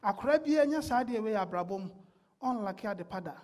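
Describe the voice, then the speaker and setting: A woman's voice: mid-range voice, expressive, fairly quick, a little mellow. A woman preaching a sermon, with rising bursts and call-and-response.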